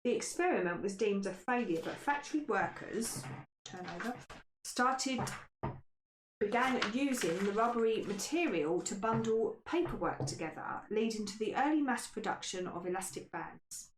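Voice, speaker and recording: Brief: woman, podcast quiz host, mid-pitched voice, casual read, trips over words. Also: expressive, normal speed. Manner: stumbles on hard words. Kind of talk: casual podcast chat, reading quiz questions. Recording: echoey room, faint noise.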